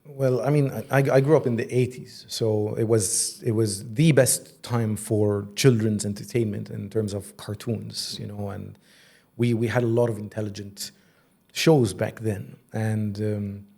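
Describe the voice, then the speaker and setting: An Egyptian voice actor and creative director in his forties tells stories animatedly in a casual interview, often laughing and slipping into mock accents. His voice is fairly low, unhurried and creaky.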